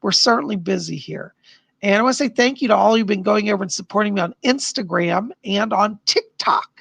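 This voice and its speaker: A man's voice: sits high, fairly quick, creaky, fairly bright tone, breathy edge, dry recording. A man hosting a live stream as a psychic, chatting casually with viewers in a bubbly, gushing way and laughing often.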